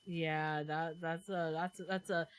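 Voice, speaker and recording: A woman's voice: low voice, flat delivery, measured pace, clear, resonant tone, no room sound. A woman hosting a casual stream chat, rambling and repeating herself as she talks. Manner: rambling, repeats words, lots of fillers. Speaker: streamer and host.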